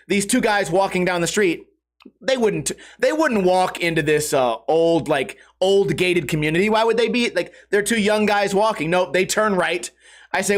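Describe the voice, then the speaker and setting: A man with a high-pitched voice hosts a solo podcast and tells a rambling, profane story about his own night. He mocks himself as he goes. When he acts out other people, his voice jumps up sharply. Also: expressive, normal speed, a bit bright. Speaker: podcast host. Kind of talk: casual storytelling monologue.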